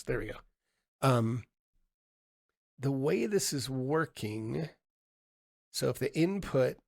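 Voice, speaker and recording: A man demoing audio software on a live stream, thinking aloud, from a home streaming setup on a condenser mic. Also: medium pitch, creaky, slightly rough, no echo, clean studio sound. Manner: thinking aloud, many fillers and restarts. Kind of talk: casual live-stream tutorial. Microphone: USB condenser mic.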